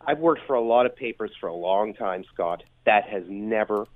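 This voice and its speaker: A man's voice: lowish voice, animated, normal speed. A man, a newspaper columnist and radio guest, making his point in an emphatic, indignant way. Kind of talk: phone interview. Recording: phone line.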